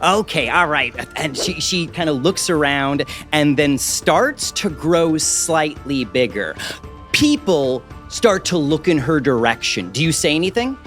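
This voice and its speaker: A man narrating as game master in a lively, casual storytelling voice, pitched a bit high. Soft music plays under him. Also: unhurried.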